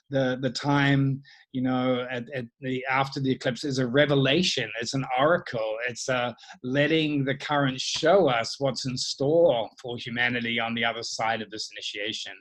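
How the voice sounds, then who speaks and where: Man, host of a spiritual dialogue; bright, forceful tone; contemplative, unhurried delivery. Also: medium pitch, low-quality recording. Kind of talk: reflective spiritual conversation.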